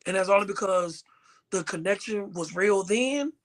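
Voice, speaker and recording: A man's voice: high-pitched, moderate pace. A man co-hosting a podcast, telling stories bluntly and swearing in casual chat. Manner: animated, blunt storytelling with swearing. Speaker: podcast co-host.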